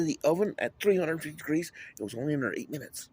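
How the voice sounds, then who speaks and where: A man's voice: on the high side, lively intonation, quick pace, darkish tone, husky, dry recording. A man talking in a rambling monologue, drifting between topics and swearing often. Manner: rambling, wandering, with frequent swearing.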